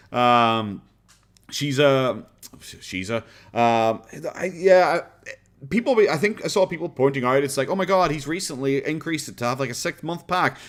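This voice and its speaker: A man's voice: mid-range voice, fairly bright tone. Irish guy rambling on his stream, laid back, just chatting away. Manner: easygoing and rambling. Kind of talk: casual reaction-stream chat.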